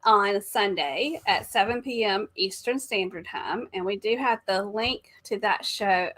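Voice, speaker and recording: A woman hosting a casual travel live stream, upbeat as she runs through plans and shout-outs. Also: medium pitch, measured pace.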